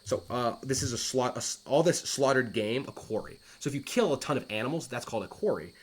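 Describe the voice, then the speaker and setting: A man's voice: mid-range voice, expressive, quick pace, breathy edge. Casual man explaining Shakespeare lines. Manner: conversational, paraphrases quoted lines, frequent fillers and restarts. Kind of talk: casual explanatory lesson reading aloud.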